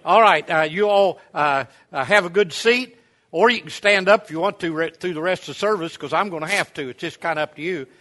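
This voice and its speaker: A man's voice: high voice, fairly quick, pushed and bright. A man, preaching at a camp meeting and telling a folksy, rambling story with many fillers. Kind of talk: sermon storytelling.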